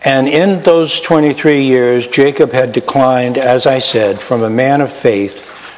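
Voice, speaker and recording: A man's voice: mid-range voice, unhurried, long reverb tail, slight background noise, low-quality recording. A man preaching a sermon in a folksy, self-deprecating way, shifting his pace and volume for emphasis. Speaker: pastor.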